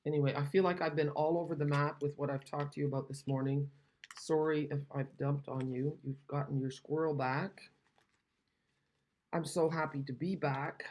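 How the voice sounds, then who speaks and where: Demonstrating card-making, a low-pitched woman from Canada chats casually, wandering off topic and making self-deprecating remarks as she recovers from an illness.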